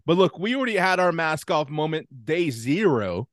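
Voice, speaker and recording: A man's voice: on the high side, very animated, moderate pace, no room sound, studio quality. A man co-hosting a podcast, tossing in conspiratorial jokes and stammering asides in casual chat. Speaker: podcast co-host.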